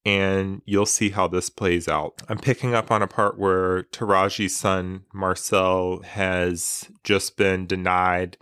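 A man with a low-pitched voice speaks earnestly and without hurry, as in a reflective talk about books he has been reading. His voice sounds dry and close to the mic, with no echo. He speaks like a counselor talking to his listeners. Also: little pitch movement, fairly bright tone, clear, resonant tone. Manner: measured, earnest, unhurried.

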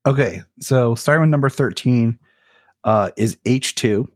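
A man's voice: mid-range voice, a little slow, darkish tone, dry recording, studio quality. A man talking as a guest in a casual podcast chat, listing things plainly and matter-of-factly.

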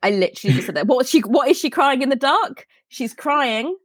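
A woman's voice: high voice, lively intonation, a little fast, dry recording, studio quality. A British woman, a podcast guest, chatting animatedly and jumping between thoughts with frequent laughter. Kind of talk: casual chat.

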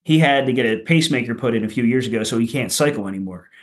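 A man from Philadelphia, a punk rock musician, telling loose, profane stories on a podcast, with lots of filler and a voice that jumps higher at the funny parts. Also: rapid-fire. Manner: loose and profane, with many "like"s and "you know"s; animated, goes higher when telling funny bits. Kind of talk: casual podcast storytelling.

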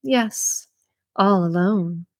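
A woman's voice: medium pitch, extremely slow, no echo, studio quality. Cooing seductive killer, read by a woman. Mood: teasing. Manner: teasing, cooing.

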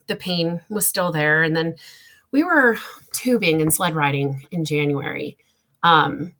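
A woman tells a painful family story. Her voice sits fairly low, and she speaks haltingly, with many fillers, close to tears. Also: fairly bright tone. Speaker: guest. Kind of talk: emotional personal story.

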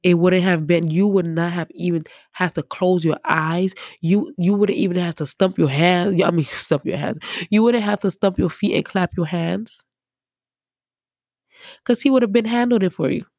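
A woman preacher giving casual, emphatic Bible teaching in a conversational, animated way. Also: fairly low pitch, normal speed, dry recording, clean studio sound.

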